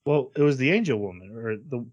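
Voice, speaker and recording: A man's voice: mid-range voice, lively intonation, darkish tone, dry recording, lo-fi sound. A man co-hosting a casual podcast, rambling through an anime episode recap and briefly acting out the characters' lines. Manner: rambling recap with quick acted-out character quotes. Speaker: podcast co-host.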